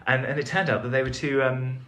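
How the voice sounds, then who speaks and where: A man's voice: medium pitch, steady tone, fast, bright, forceful tone. A young man telling a rambling, self-deprecating story as a podcast guest, full of fillers and restarts. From England. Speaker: podcast guest, foreign correspondent. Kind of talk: casual storytelling interview.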